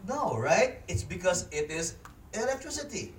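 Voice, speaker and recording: A man's voice: high voice, big pitch swings, normal speed. A man with a Filipino accent preaching a sermon, joking and chatting with the congregation as he teaches. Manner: jokey, switches between English and Tagalog, interacts with congregation. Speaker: pastor. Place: church hall. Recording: echoey hall, speaker far from mic.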